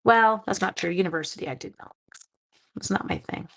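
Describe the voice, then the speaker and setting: A middle-aged craft demonstrator talks briskly in a lowish, somewhat bright voice touched with vocal fry. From home, she hosts a casual livestream, greeting viewers by name, chatting freely and making fun of her own blunders.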